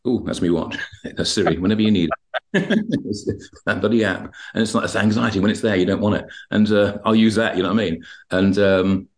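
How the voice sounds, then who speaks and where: A man's voice: lowish voice, steady tone, brisk. A man, a hypnotherapist, telling stories about his clients on a podcast and acting out the dialogue as he goes. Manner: rambling, acts out dialogue when retelling sessions. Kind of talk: podcast interview, anecdotal storytelling.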